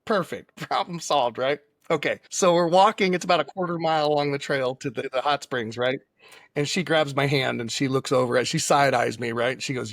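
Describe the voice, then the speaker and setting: A man telling a long personal anecdote as a podcast guest, animated and peppered with "right?" and "okay?" as he acts out what people said. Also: mid-range voice, fairly quick, gravelly, no room sound, studio quality. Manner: frequent tag questions like right and okay. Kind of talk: casual storytelling.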